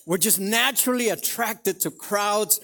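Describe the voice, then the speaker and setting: A man's voice: sits high, measured pace, vocal fry, sharp tone. A male pastor preaching a conversational sermon to a congregation, telling everyday stories and often checking in with "right?". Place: church in front of a congregation.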